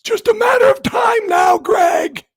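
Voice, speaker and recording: A man voicing a confused, hard-of-hearing old grandfather who shouts his questions. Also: very high voice, unhurried, no echo, studio quality, pitched above the performer's own voice. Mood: confused shouting.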